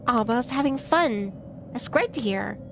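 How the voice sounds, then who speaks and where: A woman's voice: a little high, lively intonation, normal speed, vocal fry, a little hiss or hum. A woman streaming a game, chatting casually and playfully, reacting aloud to what happens on screen.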